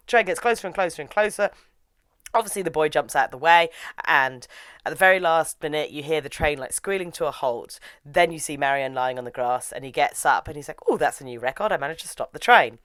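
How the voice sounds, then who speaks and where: A woman's voice: low-pitched, brisk, a bit bright, no echo. A woman, casually retelling an anime episode in a chatty review, with lots of "like" as filler.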